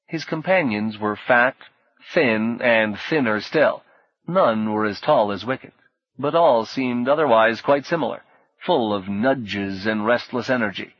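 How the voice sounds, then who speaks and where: Husky male audiobook narrator. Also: mid-range voice, normal speed, no room sound. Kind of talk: scripted narration. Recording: dull, dry lo-fi recording.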